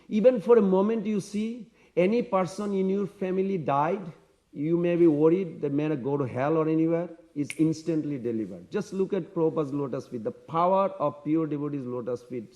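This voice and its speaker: A man giving a devotional scripture lecture, telling the story in an animated way. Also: on the high side. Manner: storytelling, animated, acts out characters. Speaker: lecturer at a temple class.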